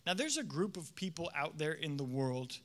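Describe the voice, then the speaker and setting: A male pastor preaching a sermon in an animated, conversational way, acting out the voices he quotes. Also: a little high, normal speed. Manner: animated, acts out quoted voices, many fillers.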